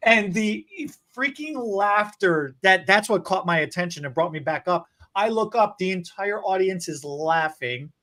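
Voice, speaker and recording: A man co-hosting a beauty podcast who tells a lively story in casual chat, acting out what people said and laughing often. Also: high-pitched, unhurried. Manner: animated, laughing storyteller who acts out quotes. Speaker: podcast co-host, hair stylist.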